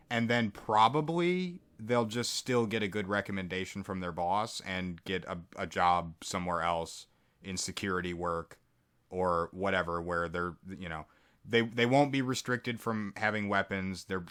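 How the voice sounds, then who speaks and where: A man co-hosting a casual podcast, speaking in a measured, trailing way, hedging his points as he goes. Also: fairly low pitch, a bit bright, clean tone. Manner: measured, trailing, hedging with "you know" and "or whatever". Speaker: podcast co-host. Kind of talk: casual political commentary chat.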